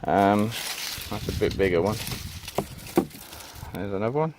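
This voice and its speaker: Low-voiced man rambling outdoors. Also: lively intonation, unhurried, background noise. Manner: rambling, chatty, lots of ums and "you know what I mean". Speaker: allotment vlogger. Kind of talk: casual walk-and-talk vlog. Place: outdoors on an allotment plot.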